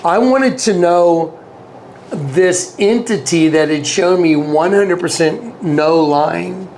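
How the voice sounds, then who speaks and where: A man speaks in a slightly high voice, with a faint hiss or hum in the background. He's an interview guest telling a personal story in a casual, earnest way, often repeating himself and acting out the dialogue he quotes.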